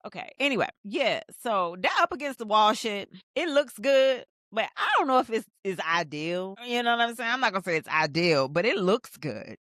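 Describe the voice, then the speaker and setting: A woman hosting a TV show rewatch, recapping scenes in a rambling, animated, profane way. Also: mid-range voice, moderate pace, few pauses, no echo, clean studio sound. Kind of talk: casual episode recap and commentary.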